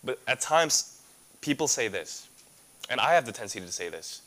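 A man's voice: mid-range voice, big pitch swings, normal speed, pushed and bright. A man preaching a sermon as a pastor, earnest and full of rhetorical questions.

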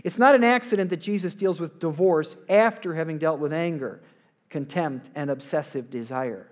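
Male pastor, emphatic sermon delivery, voice a touch higher than most men. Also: moderate pace. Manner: emphatic preaching, swells louder on quotes, asks "right?". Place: church sanctuary before a congregation.

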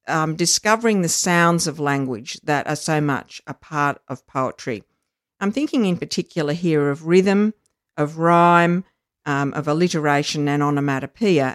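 An educator explains things in a measured, teacherly way, often pausing on um and uh. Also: mid-range voice, dry recording, studio quality. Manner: measured, teacherly, frequent ums and uhs. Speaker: literacy educator. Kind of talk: explanatory podcast chat.

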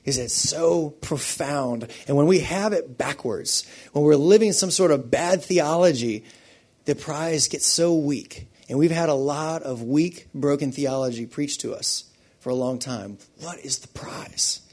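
Fervent male pastor with a slightly raised pitch, preaching with swings from quiet intimacy to loud fervor. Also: measured pace, husky. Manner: impassioned, building from hushed to loud. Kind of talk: sermon.

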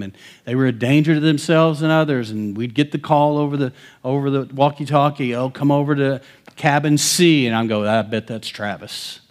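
A middle-aged male pastor preaching a sermon, telling a story and swinging from hushed, quiet lines to loud, emphatic ones. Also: mid-range voice.

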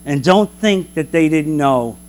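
A man teaching a Bible class in an animated preaching manner, full of rhetorical questions. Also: on the high side, unhurried, a little hiss or hum.

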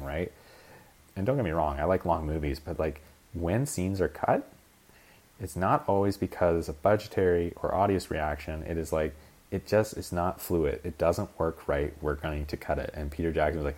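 A man's voice: a bass voice, moderate pace, darkish tone. A young man hosting a solo podcast, rambling casually with lots of fillers, swearing, and acting out scenes as he retells them. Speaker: podcast host. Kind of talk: casual rambling film chat.

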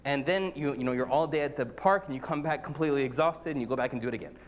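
A man's voice: mid-range voice, rapid-fire, big-room sound. A man, a priest, preaching an earnest, conversational sermon, full of repetitions and everyday examples.

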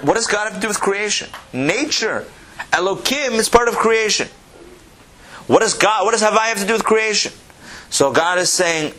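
A man teaching a Torah class, animated, repeating phrases and asking his listeners questions. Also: high-pitched, moderate pace.

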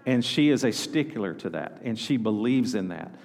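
A man's voice: fairly low pitch, lively intonation, moderate pace, creaky, a little mellow. A male pastor, preaching a sermon and calling on the congregation to answer back. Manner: preaching, calls out to congregation for responses. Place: church sanctuary. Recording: long hall reverb.

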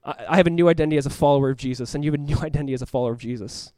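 A male pastor preaching a sermon and closing in prayer, swinging between loud urgent calls and hushed quiet passages. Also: a little high, rapid-fire, clear, resonant tone, no echo. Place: church room with congregation.

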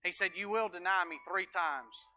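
A man with a Southern American accent preaching a sermon, moving from hushed storytelling to shouted preaching and calling on people in the congregation by name. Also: sits high, normal speed, faint music behind. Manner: calls on congregation members by name. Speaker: pastor. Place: church sanctuary.

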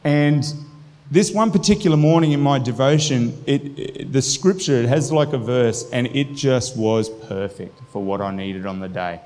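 A man's voice: mid-range voice, normal speed, a little mellow. A man preaching a sermon in an earnest, conversational way, restarting phrases and breaking into spoken prayer. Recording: long hall reverb.

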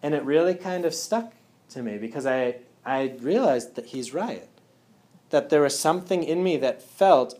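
A man's voice: a little high, animated, moderate pace, a little mellow. A man speaking casually to a live audience at a wellness talk. He often checks in with "yeah?" and "right?".

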